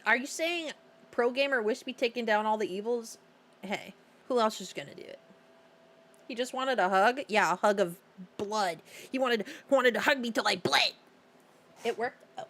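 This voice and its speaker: Bright, giggly young woman streaming a game. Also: fairly high pitch. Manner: chatty, giggly, easily sidetracked, reads chat aloud. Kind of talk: casual live-stream chat while playing.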